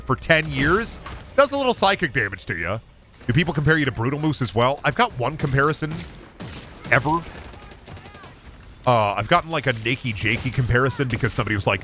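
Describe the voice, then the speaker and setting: A man streams a video game, chatting and rambling with free swearing and a frequent upward inflection. His medium-pitched voice is animated, brisk and sharp, with faint music in the background.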